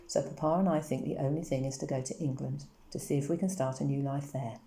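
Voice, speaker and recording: A woman voicing a worried mother under strain in a storybook reading, anxious and sharp in tone. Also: rumbling low, fairly even intonation, quick pace. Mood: fraught. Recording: roomy echo.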